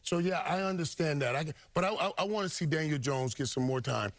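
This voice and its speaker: A man's voice: fairly high pitch, a little fast. Emphatic man talking football in studio. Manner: emphatic, repeats himself for stress. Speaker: studio analyst. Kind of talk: studio sports talk.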